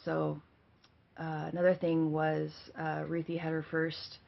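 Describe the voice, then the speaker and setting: Low creaky-voiced mother, rambling. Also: completely flat delivery, measured pace, lo-fi sound. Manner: rambling, with many fillers. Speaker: mother giving thanks. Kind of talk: heartfelt personal message.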